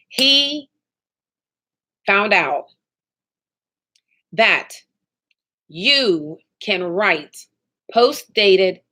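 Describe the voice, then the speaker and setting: A woman's voice: mid-range voice, bright, forceful tone. A woman running a live training session for sales agents, upbeat and motivational, often checking in with "okay?" and "right?".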